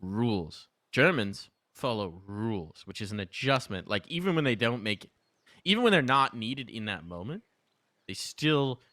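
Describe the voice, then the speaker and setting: A young man calling an esports match as play-by-play caster, energetic and jumping to sudden high exclamations, then chatting casually between rounds. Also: normal speed, no room sound. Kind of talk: excited play-by-play commentary.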